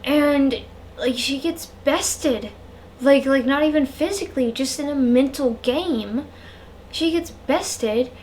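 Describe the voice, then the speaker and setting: A woman's voice: sits high, slow, darkish tone, slight background noise. A woman reviewing books in a casual vlog, rambling and frank and saying "like" often. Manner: rambling, frank, heavy use of "like". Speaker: book reviewer.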